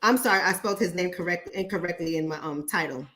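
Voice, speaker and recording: A woman's voice: lowish voice, fast talker, a bit bright. Blunt, profane woman host. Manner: blunt, profane, addresses viewers directly; repeats points for emphasis. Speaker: online talk show host. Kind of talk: casual livestream chat.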